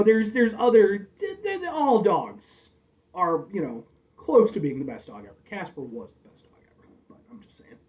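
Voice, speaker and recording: A man's voice: sits high, recorded from a distance. A man hosting a casual review vlog, talking in a chatty, rambling way and calling his viewers folks. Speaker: host reviewing drinks. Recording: dull lo-fi audio, a bit off-mic.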